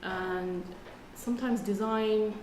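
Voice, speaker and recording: Guest: woman from Saudi Arabia, relaxed and plain-spoken, echoey room. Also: medium pitch, slow pace. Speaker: jewelry business owner, guest. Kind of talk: casual interview. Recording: echoey room, faint noise.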